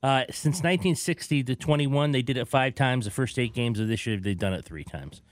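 A man hosting a casual sports talk show, joking and energetic, sometimes trailing off into fillers. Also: medium pitch, a little fast, no echo.

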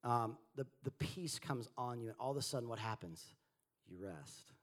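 A man preaching a sermon, swinging between quiet asides and animated, rising delivery. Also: moderate pace. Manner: animated preaching, rising and falling in pitch and volume. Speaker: pastor.

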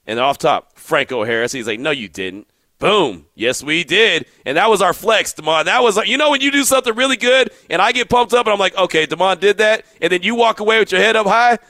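Fast, bright-voiced male radio host. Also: high-pitched, dry recording. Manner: animated storyteller, acts out quotes. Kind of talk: casual sports radio talk.

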